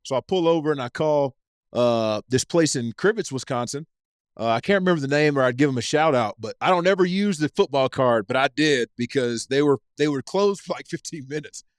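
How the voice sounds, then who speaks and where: A man, telling an animated, profane story as a podcast guest. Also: medium pitch, brisk, dry recording, studio quality. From East Tennessee. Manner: animated, profane, acts out scenes in his stories. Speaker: podcast guest, former football player. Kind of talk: casual storytelling chat.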